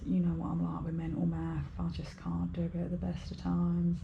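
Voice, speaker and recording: A woman's voice: fairly low pitch, completely flat delivery, moderate pace, creaky, dull audio, slight background noise. A British woman chatting casually to camera while budgeting, rambling and talking to herself. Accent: British English. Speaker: budgeting vlogger. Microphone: overhead camera mic.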